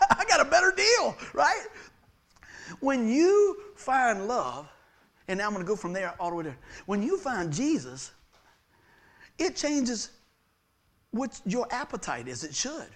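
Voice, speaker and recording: A man preaching with a high, bright voice that swoops up and down as he goes. He tells stories from his own life, laughs often and slips into the voices of the people in them. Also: very animated, unhurried, long pauses. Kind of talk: lively sermon with personal stories.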